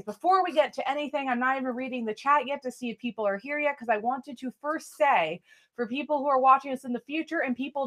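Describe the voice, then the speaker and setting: Woman, high voice, casual live-stream chat, thankful, apologetic. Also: a bit bright. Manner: chatty, thanks viewers often, apologetic. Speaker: live-stream tarot reader.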